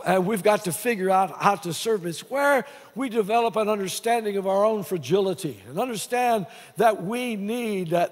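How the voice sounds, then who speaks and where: High-voiced preaching man in a reverberant hall. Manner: preaching with many restarts and repeated words. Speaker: pastor. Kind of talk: sermon.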